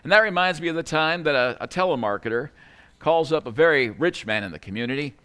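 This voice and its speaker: A man's voice: fairly high pitch, expressive, fast talker, bright, forceful tone, smooth. Earnest conversational man preaching a sermon. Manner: conversational, earnest, with frequent "you know". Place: church.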